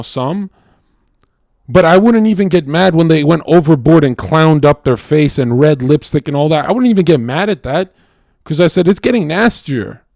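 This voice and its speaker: A male livestreamer in a casual monologue. He is blunt, crude and profane, rambling with lots of fillers and swinging between loud bursts and low mutters. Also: creaky, no room sound, clean studio sound.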